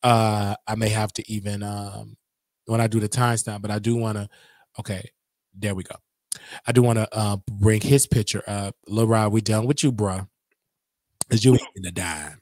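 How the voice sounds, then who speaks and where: A young man hosting a casual livestream, talking in an animated, gossipy way and laughing often. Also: on the low side, moderate pace, dry recording. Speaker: show host.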